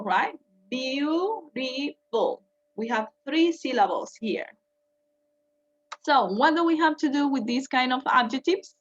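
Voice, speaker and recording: Slow, patient bilingual teacher woman. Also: on the high side, fairly bright tone, muffled recording. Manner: slow, patient, repeats and translates each point. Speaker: English teacher. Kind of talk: bilingual grammar lesson.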